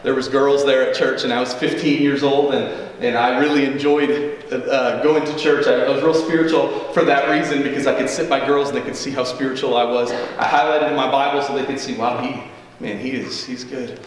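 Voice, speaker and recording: A man's voice: medium pitch, level tone, brisk. Man preaching in an echoey church. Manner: earnest, conversational preaching with repeated asides. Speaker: pastor. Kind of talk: sermon. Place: church sanctuary. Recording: echoey church hall, mic at a distance.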